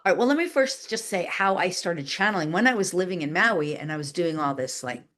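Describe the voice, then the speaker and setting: A woman being interviewed, telling a long story in a chatty, animated way, with lots of "like" and voices acted out in quotes. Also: on the low side, a little fast. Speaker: guest, channeler and animal communicator.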